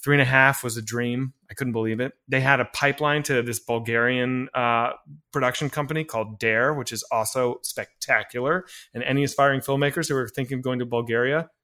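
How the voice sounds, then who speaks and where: A filmmaker telling a long story in a casual interview, full of fillers and restarts, acting out bits of dialogue. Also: male voice, medium pitch, brisk. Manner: animated anecdote-telling with many fillers and restarts; acts out quoted dialogue. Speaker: filmmaker guest.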